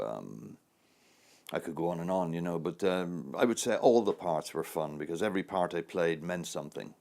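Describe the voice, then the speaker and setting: A man in his sixties with a very low, deep voice talks about his acting life. He rambles from one anecdote to the next and chuckles as he goes. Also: vocal fry, darkish tone. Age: 60s. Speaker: actor. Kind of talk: interview answers.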